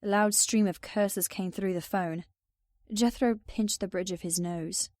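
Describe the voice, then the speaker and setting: Mellow-voiced woman narrating an audiobook. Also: medium pitch, fairly even intonation, a little slow, no room sound, clean studio sound. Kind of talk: first-person audiobook narration.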